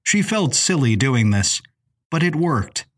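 A man reading a novel aloud as narrator, in a measured, descriptive way. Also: a little high, sing-song. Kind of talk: scripted audiobook narration.

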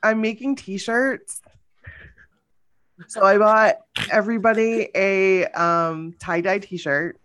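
A woman's voice: mid-range voice, fairly even intonation, slow pace, a bit bright. A woman co-hosting a podcast in easy casual chat, still getting over a cough. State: lingering cough. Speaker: podcast co-host.

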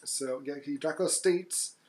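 A man talking through a movie's story on a podcast, relaxed and unhurried. He pauses on fillers and restarts, then slips briefly into quoted lines. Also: fairly high pitch. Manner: relaxed, recaps plot with hesitant fillers and quick voiced asides. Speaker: podcast co-host. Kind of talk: casual movie recap chat.

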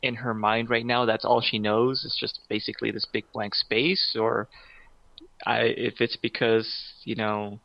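A man's voice: fairly low pitch, level tone, measured pace, creaky, dry recording. Guy chatting casually, lots of likes and ums, sound a bit muffled and dead. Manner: rambling, enthusiastic, many fillers. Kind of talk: casual chat.

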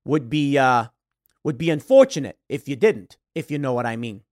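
A man's voice: mid-range voice, very animated, moderate pace, darkish tone, dry recording, clean studio sound, natural voice. A man voicing a menacing male extortion racketeer who makes threats in a mock-friendly way.

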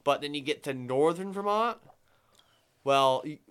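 A man, co-hosting a casual podcast, talking fast with casual swearing and reading stories aloud. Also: fairly high pitch, lively intonation, fairly bright tone, clean tone. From New England. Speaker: podcast co-host.

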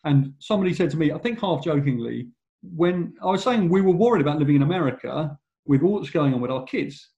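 A man from England puts careful questions to his guest in a casual, measured way. His voice sits a little high. The recording sounds somewhat dull and muffled. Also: animated, vocal fry, dark tone. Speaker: interviewer.

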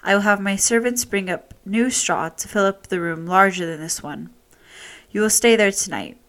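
A woman's voice: mid-range voice, moderate pace, fairly bright tone, lightly acted. A woman voicing a stern, greedy king giving harsh orders in a storybook reading. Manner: stern, commanding.

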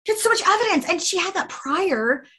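A woman's voice: extremely high pitch, animated, fairly quick, heavy background noise. A woman in casual conversation who tells a story emphatically, repeating phrases and swearing.

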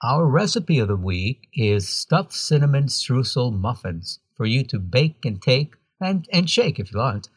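Male host, husky voice, scripted read with wry deadpan asides, dry booth sound. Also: mid-range voice, measured pace, few pauses, no room sound. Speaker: podcast host.

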